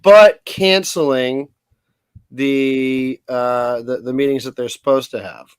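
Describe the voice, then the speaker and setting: A man's voice: mid-range voice, takes it slowly, smooth, dry recording. Rambling man on a dry call. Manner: rambling, trails off, eats while talking. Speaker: podcast co-host. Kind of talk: casual chat about local politics.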